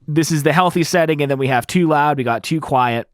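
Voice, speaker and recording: Guy walking you through a podcast audio tutorial, chatty and animated, close dry studio mic. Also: a little high, brisk, no room sound. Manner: explanatory, animated, demonstrates while talking. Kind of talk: casual spoken tutorial. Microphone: studio microphone through an audio interface.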